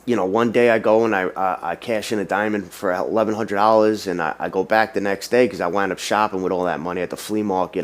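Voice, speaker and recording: A man's voice: low voice, fairly even intonation, fast, few pauses. A young man, casually telling his own story in streetwise slang, full of "you know" fillers.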